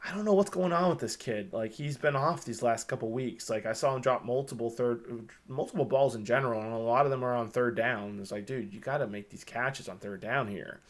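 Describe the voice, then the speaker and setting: A man co-hosting a casual sports podcast, excitable and rambling, swearing often as he talks. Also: medium pitch, brisk. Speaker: podcast co-host.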